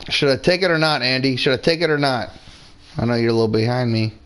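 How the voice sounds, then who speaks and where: A man streaming a video game rattles off fast, smooth, medium-pitched commentary that rambles and swears freely. He's laid-back and a few beers in.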